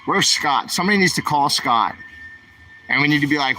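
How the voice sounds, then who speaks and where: A man with a slightly high, bright voice talks fairly quickly and forcefully, sounding animated, with a little background noise behind him. He's a vlogger livestreaming as he walks store aisles, chatting and putting questions to his viewers.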